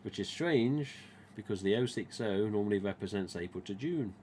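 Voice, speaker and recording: Speaking at a moderate pace, the man has a low-leaning, dark and expressive voice with an East Midlands English accent. He rambles casually on his live stream about collecting masks, recounting dialogue, while a little hiss or hum sits in the background.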